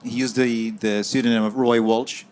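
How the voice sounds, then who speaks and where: A man's voice: medium pitch, little pitch movement, moderate pace, darkish tone, slight background noise. A man, an author guest in an interview, recounting a story at length with many fillers and restarts.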